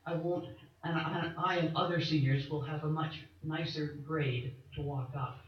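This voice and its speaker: An older man speaking up at a town council meeting, chatty and self-amused, with halting phrasing. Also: fairly high pitch, fairly even intonation, far from the mic. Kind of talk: public comment. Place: council chamber. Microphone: distant room mic. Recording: echoey, muffled, off-mic council recording.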